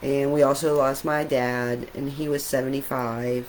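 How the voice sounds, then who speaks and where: Middle-aged woman artist chatting slow and gentle about her sketches, soft little laughs. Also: extremely low pitch, level tone, a little hiss or hum, rough recording. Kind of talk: casual talk while showing sketches.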